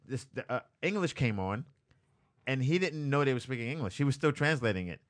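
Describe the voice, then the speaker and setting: A man's voice: mid-range voice, fairly quick. A man telling funny stories on a casual podcast, acting out quotes and laughing often. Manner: animated storyteller, laughs often, acts out quotes. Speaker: comedian guest. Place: studio, live-streamed.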